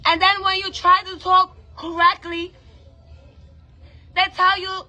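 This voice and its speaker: A woman from Brooklyn, New York, with a Trinidadian-influenced accent vlogs a blunt, profane rant to camera, packed with emphatic rhetorical questions. Her voice is very high, bright and pushed, with a flat delivery and a slow pace.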